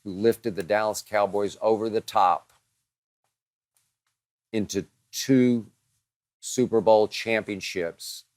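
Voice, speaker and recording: A man's voice: lowish voice, fairly even intonation, takes it slowly, pauses often, a little mellow, no echo, clean studio sound. A man hosting a show, answering listener questions in a dramatic, emphatic monologue that piles up strong words.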